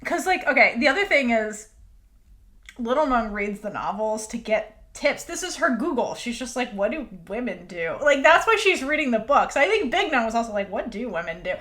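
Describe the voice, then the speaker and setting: A woman's voice: sits high, expressive, moderate pace, a bit bright. A woman co-hosting a podcast, recapping an episode in casual chat, acting out quotes, swearing and laughing often. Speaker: podcast co-host.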